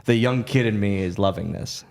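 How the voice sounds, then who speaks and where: Guy on a podcast spinning an animated wrestling story, keeps restarting, laughing through it. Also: fairly low pitch, moderate pace, gravelly. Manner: animated, lively retelling with many restarts and laughs. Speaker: podcast guest, former wrestler. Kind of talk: casual storytelling.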